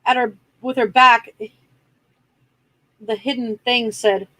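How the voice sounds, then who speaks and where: A woman reading a horror novel aloud to a live audience, dropping softer for the characters' lines. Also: fairly high pitch, fairly even intonation, slow pace, no echo, low-quality recording. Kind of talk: reading aloud with casual chat.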